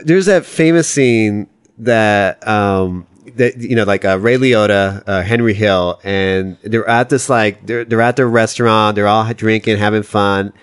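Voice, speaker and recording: A young man hosting a casual chat, excitable and rambling, quick to laugh. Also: fairly low pitch, clear, resonant tone, dry recording, studio quality.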